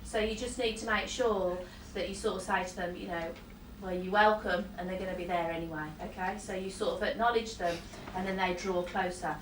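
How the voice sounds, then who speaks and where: A woman's voice: medium pitch, steady tone, brisk, hardly any pauses. Chatty woman in an echoey hall. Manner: chatty, laughs often, apologetic asides. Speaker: psychic medium. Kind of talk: live audience reading. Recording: roomy hall, distant mic, faint noise.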